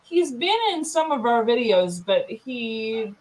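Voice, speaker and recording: A woman hosting a craft channel, chatting casually with friends on a group video call, talking in quick asides and laughing often. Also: fairly high pitch, expressive, darkish tone, a little hiss or hum, poor audio.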